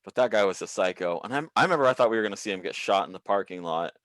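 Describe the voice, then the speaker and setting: Man, comedian guest, lowish voice, profane animated storytelling, video call, dry audio. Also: very fast, no room sound. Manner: profane, animated storyteller who acts out quotes.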